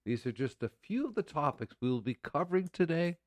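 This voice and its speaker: A man's voice: fairly high pitch, brisk. Man co-hosting a radio news segment. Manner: reads news items in a steady informative way. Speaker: radio show co-host. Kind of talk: live radio talk show, reading news.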